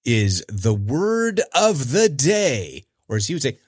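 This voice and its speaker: A man's voice: mid-range voice, huge pitch swings, slow pace, slightly rough, dry recording, clean studio sound. A man in his forties hosting a casual solo podcast, chatty and rambling, often trailing off while he searches for names. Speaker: podcast host.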